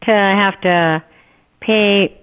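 A woman's voice: mid-range voice, fairly even intonation, very slow, smooth. A middle-aged woman on a phone call, refusing over and over in an exasperated, insistent way. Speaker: prank call target. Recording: tinny phone line.

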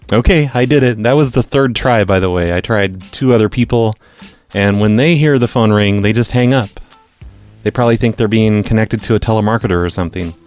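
A man's voice: on the low side, normal speed, a little mellow, no echo, faint music behind. A man hosting a prank-call podcast, chatting casually in a dry, sarcastic way. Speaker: podcast host.

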